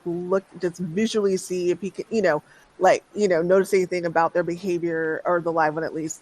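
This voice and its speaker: A game master narrating a tabletop game at an easy, unhurried pace. The delivery is halting, with phrases often restarted and trailing off before picking back up. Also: medium pitch, poor audio. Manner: unhurried, hesitant, restarts with many fillers.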